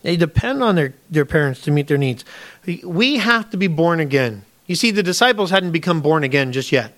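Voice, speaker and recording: A man's voice: on the high side, animated, fairly quick, fairly bright tone. A man, a pastor, preaching a conversational sermon, often acting out pleading prayers to God and addressing the congregation as folks.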